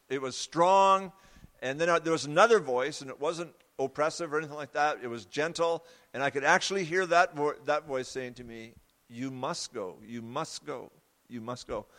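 Earnest halting preacher in a reverberant hall. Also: male voice, mid-range voice, a bit bright. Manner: halting, repeats words, pauses often; earnest and confessional. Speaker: preacher giving his testimony. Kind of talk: sermon testimony.

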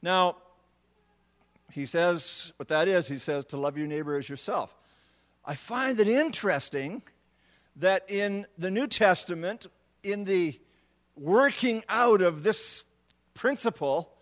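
A man preaching a sermon, repeating words as he restarts phrases and building to emphatic, drawn-out words on key points. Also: high voice, animated, long reverb tail.

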